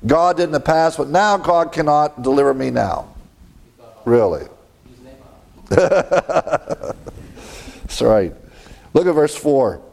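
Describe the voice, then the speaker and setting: A man's voice: fairly high pitch, expressive, takes it slowly, gravelly, pauses often, darkish tone. A man preaching a sermon, reading scripture and adding conversational asides with frequent chuckles.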